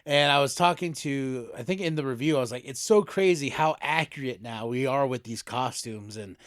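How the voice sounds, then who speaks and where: A middle-aged man co-hosting a casual podcast chat, telling stories animatedly and acting out quotes loudly. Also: mid-range voice, normal speed, dry recording, clean studio sound. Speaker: podcast co-host.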